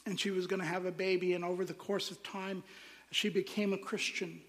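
A man's voice: high voice, little pitch movement, brisk, a bit bright. A man preaching a sermon as pastor, stressing phrases one by one and letting their ends drop almost to a whisper. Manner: emphatic preaching, phrases trailing off to near-whispers. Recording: long hall reverb.

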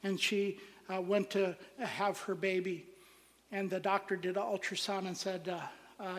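A man's voice: sits high, little pitch movement, normal speed. A man preaching a sermon as pastor, stressing phrases one by one and letting their ends drop almost to a whisper. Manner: emphatic preaching, phrases trailing off to near-whispers. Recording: long hall reverb.

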